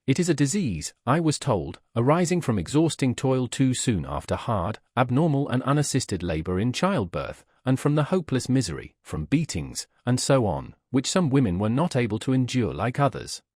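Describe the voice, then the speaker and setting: Expressive male audiobook narrator. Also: mid-range voice, breathy edge, no echo, clean studio sound. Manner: measured, expressive storytelling. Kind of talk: scripted narration of a classic novel.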